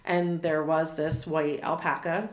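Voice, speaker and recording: A talkative woman in her thirties with a fairly low voice, chatting as an interview guest. She rambles through fillers and restarts with an easy laugh. The room sounds echoey. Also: little pitch movement, unhurried. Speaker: animal communicator guest. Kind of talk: casual interview chat.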